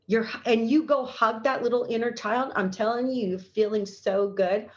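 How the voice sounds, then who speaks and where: A woman's voice: on the high side, steady tone, moderate pace. A woman speaking as a healer in an interview, enthusiastic and acting out little inner dialogues as she explains. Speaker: guest healer. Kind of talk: conversational interview. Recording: dull lo-fi audio.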